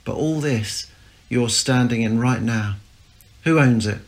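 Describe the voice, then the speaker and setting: A man's voice: medium pitch, unhurried, natural voice. A man voicing a teasing, boastful middle-aged father who mocks his son. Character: mocking middle-aged working-class dad, teasing critic.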